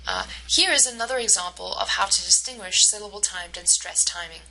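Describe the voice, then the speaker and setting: Woman teacher doing a recorded slide lecture, bright clear voice, slows down on example words. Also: medium pitch, low-quality recording. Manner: explanatory, slows to model stressed words. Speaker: university instructor.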